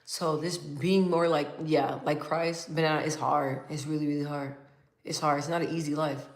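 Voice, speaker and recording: A woman hosting a casual livestream, reading viewer comments aloud and talking in a calm, even tone with lots of fillers and frequent laughs. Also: low-pitched, normal speed, roomy sound. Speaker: livestream host.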